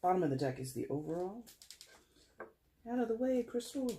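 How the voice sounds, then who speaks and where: A man's voice: high-pitched, sing-song, brisk, very noisy. A man hosting a casual tarot reading for his viewers, talking in a chatty, rambling way and correcting himself as he goes. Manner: addresses viewers as guys. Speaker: tarot reader.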